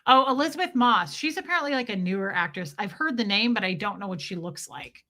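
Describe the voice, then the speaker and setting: A woman hosting a livestream, chatty and animated, greeting viewers in chat by name as she comments. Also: medium pitch, fast. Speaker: host, livestreamer.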